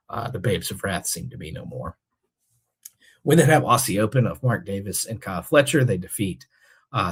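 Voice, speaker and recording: Male show host, hoarse and raspy, deep voice, casual filler-heavy recap delivery. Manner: rambling, many fillers. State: losing his voice.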